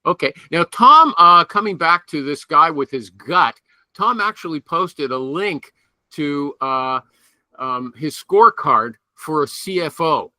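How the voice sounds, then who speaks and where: A man's voice: fairly high pitch, lively intonation, a little slow, sharp tone, no echo. A man hosting a casual panel chat over a video call, needling his guests with teasing questions. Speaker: host.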